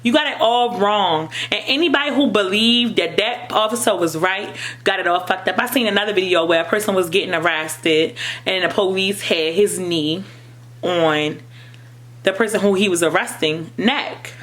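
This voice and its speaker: A young woman with an African American English accent speaks straight to her viewers in an impassioned vlog. She is emphatic and repeats her points, with a voice of ordinary pitch that climbs sharply when she presses a point. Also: normal speed. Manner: emphatic, repetitive, rising to near-shouting. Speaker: vlogger. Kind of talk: impassioned personal commentary.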